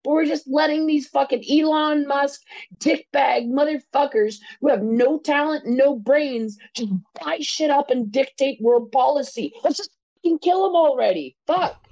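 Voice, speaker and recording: A woman's voice: high-pitched, a little slow, darkish tone, dry recording, poor audio. Fired-up woman ranting with heavy profanity. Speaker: podcast co-host. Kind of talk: casual podcast chat.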